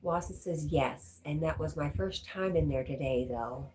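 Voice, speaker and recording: Hosting a casual livestream, a woman chats and reads viewer comments aloud, sounding a little stuffy and congested. Her voice is low and a little mellow, at a moderate pace.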